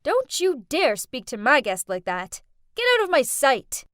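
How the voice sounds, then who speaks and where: A woman voicing a cruel, haughty rich teenage girl who screams insults in an animated story. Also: fairly high pitch, measured pace, dry recording, clean studio sound. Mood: scornful. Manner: screaming, contemptuous.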